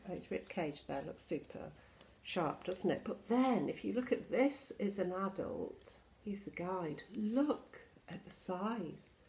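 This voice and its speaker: A woman's voice: lowish voice, darkish tone, a little hiss or hum. A teacher reading a picture book aloud to young children. She reads expressively, drops to a whisper for suspense and stops to point out the pictures. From England.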